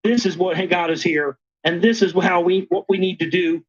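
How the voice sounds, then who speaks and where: A speaker rants in an insistent, preachy monologue, driving phrases home by repeating them. The voice sits at a middle pitch, and the sound is dull and lo-fi. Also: fairly even intonation, moderate pace, husky. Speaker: conspiracy lecturer. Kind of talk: ranting monologue.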